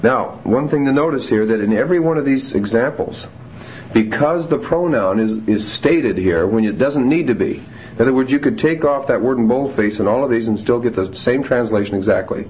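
A man teaching a Greek grammar class, reading Greek examples slowly and then explaining them with fillers. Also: medium pitch, animated. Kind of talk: classroom lecture. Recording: dull lo-fi classroom tape, faint hiss.

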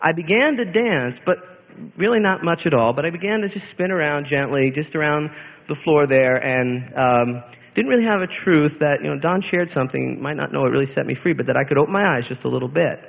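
A man's voice: on the high side, lively intonation, a little fast, gravelly. A man giving an earnest, rambling spoken testimony in church, often restarting his sentences. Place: church hall. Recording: tinny lo-fi tape in a reverberant hall.

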